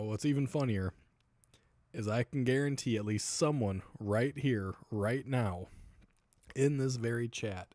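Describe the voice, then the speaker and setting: A man's voice: mid-range voice, a little mellow, no room sound. A man in his thirties chatting on his livestream as its host, laughing often while he tells crude funny stories. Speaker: streamer. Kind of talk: casual livestream chat.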